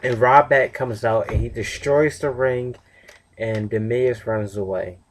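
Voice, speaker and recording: A man's voice: mid-range voice, fairly even intonation, unhurried. A tired young man casually reviewing a wrestling show on his own, rambling with fillers and self-corrections. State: tired, yawning.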